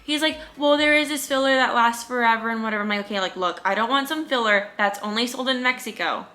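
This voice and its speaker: A young woman vlogger telling her own story in a lively, indignant, casual way. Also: fairly high pitch, quick pace, soft background music. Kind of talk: storytime vlog.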